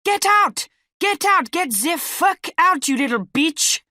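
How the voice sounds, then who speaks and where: Woman doing a raging French flatmate. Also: mid-range voice, takes it slowly, no room sound, clean studio sound, pitched above the performer's own voice. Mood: screaming. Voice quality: shouting, spitting with rage. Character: furious asthmatic French man, flatmate.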